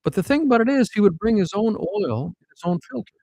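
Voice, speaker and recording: Animated storytelling man from South Dakota. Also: sits high, fast, no room sound, low-quality recording. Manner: animated, rambling anecdotes with fillers. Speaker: podcast guest. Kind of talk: casual storytelling chat.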